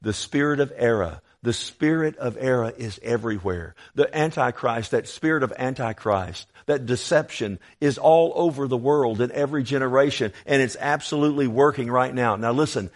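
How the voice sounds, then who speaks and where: A man preaching an expository sermon, emphatic and rising to loud exhortation, addressing listeners directly. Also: mid-range voice, normal speed, few pauses.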